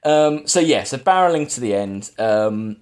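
A man's voice: mid-range voice, lively intonation, normal speed, darkish tone. Man, podcast host, rambly casual film recap. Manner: rambling plot recap with fillers and restarts. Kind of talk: casual film review chat.

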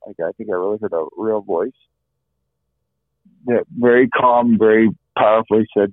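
A man's voice: lowish voice, normal speed, long pauses, no echo. A middle-aged man, an interview guest, telling his own story in an earnest way, repeating phrases and often saying "you know". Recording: dry, phone-like line.

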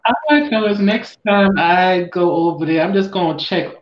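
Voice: medium pitch, moderate pace. A blunt, wry speaker in loose conversation, swearing freely. The voice rings in a roomy, echoing space, and the sound is dull and lo-fi. A faint hiss of noise sits underneath. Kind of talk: casual chat. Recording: echoey muffled room with faint noise.

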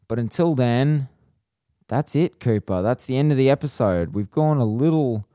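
A man co-hosting a podcast in casual chat, relaxed and explaining at length, and reading the show's sign-off. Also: medium pitch, normal speed, no room sound, studio quality. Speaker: podcast co-host.

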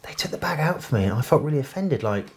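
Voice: medium pitch, very animated, quick pace. A podcast host chatting casually and wryly about food.

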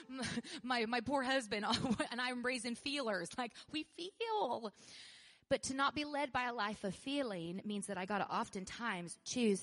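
Speaking at medium pitch, a female pastor delivers a lively sermon, frequently laughing and repeating phrases as she climbs toward loud emphasis.

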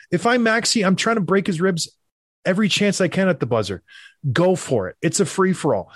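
A former player hosting a sports talk show, firing off opinions in quick, animated bursts. His voice sits a little high. The sound is dry and close, with no room around it. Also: no echo. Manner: animated, opinionated, fast rants. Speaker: podcast host, former hockey player. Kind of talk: casual sports chat.

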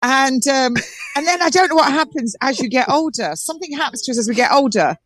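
A woman's voice: sits high, animated, fairly quick, fairly bright tone, no echo. A woman from southern England chatting animatedly on a phone while touring an outdoor market, full of restarts. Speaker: guest on a live call-in show. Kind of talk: live walking tour on a phone call.

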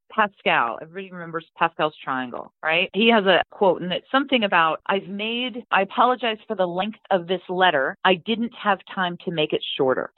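A woman's voice: lowish voice, no echo. A woman being interviewed who explains her work step by step and acts out quoted dialogue. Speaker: guest, data analytics leader. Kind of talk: conversational interview answers. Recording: dry, tinny phone-like line.

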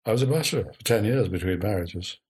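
An older man spins wry, knowing anecdotes from his younger years. His voice is fairly low and husky, with a slightly rough grain. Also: lively intonation, fast talker, a little mellow. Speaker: interviewee. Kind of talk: oral history recollection.

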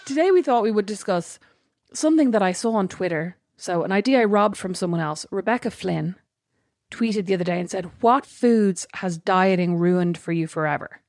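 A woman's voice: medium pitch, expressive, normal speed, darkish tone, no echo. A woman co-hosting a casual podcast, chatty and self-deprecating, laughing often. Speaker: podcast co-host. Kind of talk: casual chat.

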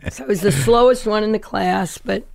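A woman's voice: medium pitch, fairly quick, creaky, darkish tone, no room sound. A woman comedian telling her life story as a guest, chatty and self-mocking. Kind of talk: candid storytelling interview.

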